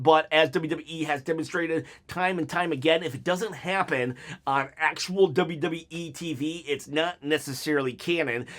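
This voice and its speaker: A man's voice: a little high, fairly bright tone. Rambling, jokey man reviewing a wrestling show. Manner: rambling, jokey, goes on tangents. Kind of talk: unscripted one-take video review.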